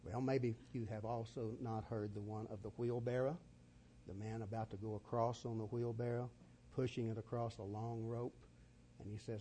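Male preacher, mellow tone, folksy storyteller. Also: fairly low pitch, little pitch movement, normal speed, slight background noise. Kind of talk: sermon.

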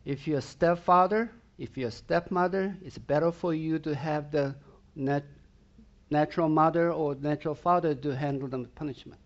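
A man's voice: fairly high pitch, moderate pace, lo-fi sound. A man preaching a sermon, emphatic and direct, who keeps asking the congregation whether they are with him. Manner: emphatic preaching with repeated rhetorical questions to the congregation. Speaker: pastor.

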